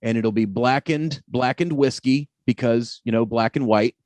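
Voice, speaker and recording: A man hosting a podcast, talking in a chatty, joking way at a middle pitch. The recording is dry and close, with no room sound. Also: a little mellow, no room sound. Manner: chatty and jokey, quick to laugh. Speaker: podcast host. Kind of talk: casual podcast chat.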